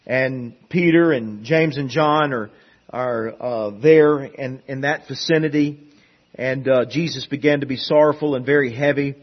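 A man preaching a sermon, swinging from loud emphatic peaks to hushed, quiet passages, with frequent restarts and repeated words. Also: medium pitch, a little slow, highs cut off.

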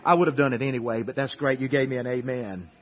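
A man preaching a sermon in a church, moving from quiet asides to emphatic repeated lines, on a dull lo-fi recording. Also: mid-range voice, fairly even intonation, fast. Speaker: pastor. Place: church sanctuary.

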